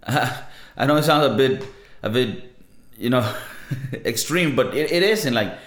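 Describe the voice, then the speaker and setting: A man's voice: medium pitch, expressive, slow pace, fairly bright tone. A young man with a Latin American Spanish accent hosting a podcast, talking in a casual, profane, slangy monologue. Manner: laid-back, profane, slangy. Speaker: podcast host. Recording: roomy echo.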